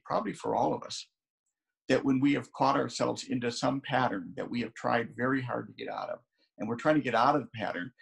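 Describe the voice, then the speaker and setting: Um homem, pastor, pregando um sermão em tom de conversa, repetindo palavras enquanto pensa. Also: male voice, mid-range voice. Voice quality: gravelly, husky. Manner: conversational, repeats words while thinking. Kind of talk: sermon.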